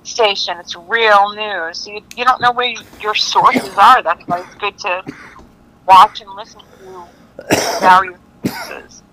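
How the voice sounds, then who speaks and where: Woman, very bright tone, podcast guest, curious, short questions. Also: mid-range voice, unhurried, a little hiss or hum, rough recording. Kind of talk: casual podcast chat.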